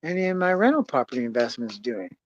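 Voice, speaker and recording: A young man telling a story in casual, profane chat, swinging between loud bursts and quiet mutters. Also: medium pitch, big pitch swings, quick pace, muffled recording, a little hiss or hum. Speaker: podcast host.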